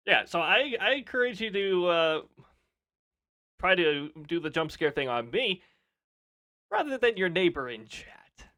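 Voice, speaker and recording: Animated chatty man streaming. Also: high voice, measured pace, pauses often. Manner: chatty, laughs often, reads weather readouts aloud. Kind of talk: casual live-stream chat.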